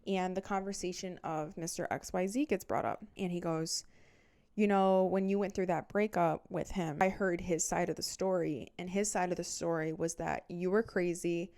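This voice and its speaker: A young woman with a smooth, clear voice that sits a little low for her. She hosts a casual storytime and retells events candidly and dramatically, swearing freely as she goes. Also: fairly even intonation, moderate pace, darkish tone. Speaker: podcast host.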